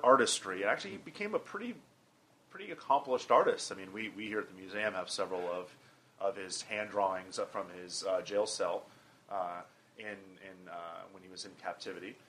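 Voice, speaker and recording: A man hosting an interview for a museum, relaxed and asking questions. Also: on the low side, moderate pace, a little hiss or hum. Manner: relaxed, asks questions, short backchannels. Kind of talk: conversational interview.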